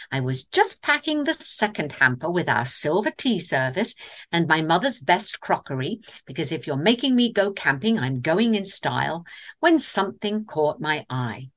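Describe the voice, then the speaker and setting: A woman's voice: lowish voice, sing-song, normal speed, a bit bright. A woman with an English accent telling a comic story in a theatrical way, with wry asides. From England.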